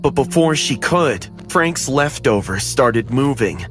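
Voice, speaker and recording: A man's voice: medium pitch, slow pace, music in the background. Male horror story narrator. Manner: steady, dramatic storytelling.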